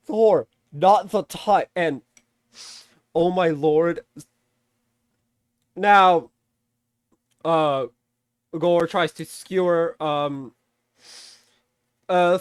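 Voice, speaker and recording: A man talks through a film recap in a lively, sing-song voice that jumps up and down as he gets worked up. He curses freely and laughs often. His voice is fairly high for a man and sits close to the mic in a dry room. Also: clear, resonant tone, no echo. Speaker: movie reviewer. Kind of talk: casual spoken film recap.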